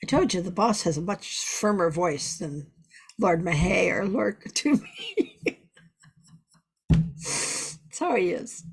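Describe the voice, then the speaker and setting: Woman, spiritual teacher, slow unhurried delivery, husky tone, earnest teaching talk. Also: lowish voice, lively intonation. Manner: earnest, repetitive, storytelling.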